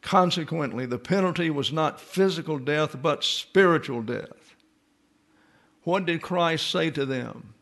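A man's voice: fairly high pitch, unhurried, creaky, a bit bright. A man teaching a Bible lesson in sermon style, reading scripture and reference texts aloud and explaining them step by step.

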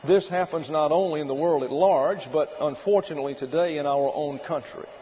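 A man preaching a sermon, teaching in a deliberate, emphatic way and reading out excerpts. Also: fairly high pitch, long reverb tail. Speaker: pastor. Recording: dull lo-fi recording with faint hiss.

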